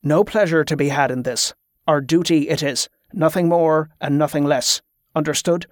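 A stern middle-aged priest who leads his men with curt, commanding orders, as a man puts him on. Close and dry, in the reader's fairly high natural register. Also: moderate pace, no room sound, close to an everyday voice. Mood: cold.

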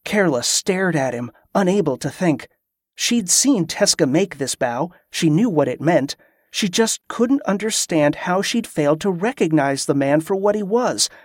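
A man narrating a fantasy audiobook in a steady, even reading. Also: fairly high pitch, measured pace, no echo, clean studio sound.

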